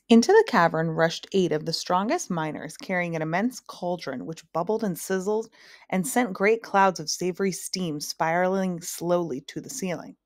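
A woman reading a children's novel aloud chapter by chapter, in a steady storytelling manner. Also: fairly low pitch, no echo, clean studio sound. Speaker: reader.

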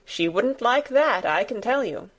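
A woman's voice: a little high, lively intonation, measured pace, voice pushed up. Woman playing a haughty spoiled boy. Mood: imperious. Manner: commanding, haughty. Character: imperious invalid boy, spoiled and grand.

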